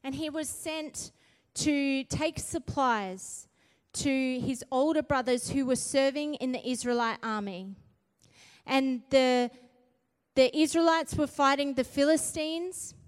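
A woman's voice: high voice, smooth. A woman preaching a sermon earnestly, driving points home with rising emphasis and frequent "right?" tags. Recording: long hall reverb.

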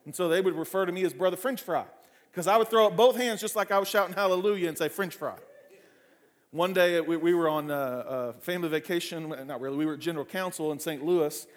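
A male pastor preaching a sermon, telling family stories with humor and lively asides. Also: high-pitched, fast talker. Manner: frequent fillers and restarts in anecdotes.

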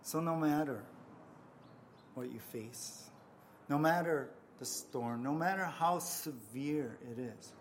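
A man preaching a sermon, earnest and repetitive, swelling on key phrases and trailing softly at the ends, with stammered restarts. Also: on the high side, slow, a little hiss or hum. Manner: frequent restarts and stammered repeats. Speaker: pastor.

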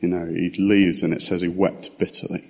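A man with a fairly low voice delivers a relaxed sermon, moving between a scripture reading and chatty explanation with casual asides. His voice trails off into a long hall reverb. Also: moderate pace, creaky, husky. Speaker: preacher.

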